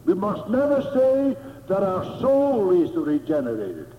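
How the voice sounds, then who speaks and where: Slow, emphatic preacher in an echoey hall. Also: male voice, high-pitched, huge pitch swings. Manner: slow, emphatic, repeats key phrases. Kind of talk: sermon. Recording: echoey hall, dull lo-fi sound.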